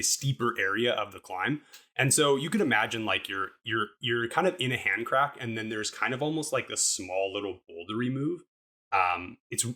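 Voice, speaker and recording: A man's voice: sits low, pushed and bright. A young man casually recounting a climbing trip in a podcast interview, upbeat and rambling with lots of fillers. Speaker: podcast co-host and guest recounting a climbing fall.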